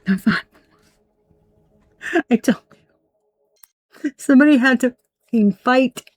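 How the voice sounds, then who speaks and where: A woman's voice: high voice, takes it slowly, dry recording. A woman giving a casual tarot reading, blunt and emphatic, swearing freely as she points out the cards. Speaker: tarot reader.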